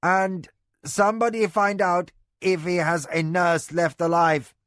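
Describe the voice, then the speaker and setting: A man's voice: high-pitched, fairly even intonation, a little slow, fairly bright tone, no echo, clean studio sound, pitched above the performer's own voice. A man doing a firm, commanding steward. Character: firm male household steward, taking charge.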